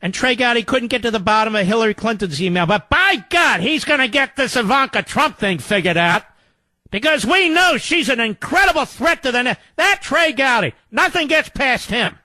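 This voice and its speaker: A man's voice: very high-pitched, animated, brisk, pushed and bright, no room sound. A man hosting a political talk radio show, delivering a sarcastic, mocking monologue.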